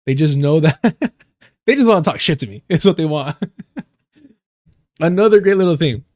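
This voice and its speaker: A man's voice: on the high side, expressive, moderate pace, darkish tone. Profane, laughing man telling stories. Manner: profane, laughs often, loose and rambling. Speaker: live streamer. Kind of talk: casual storytelling.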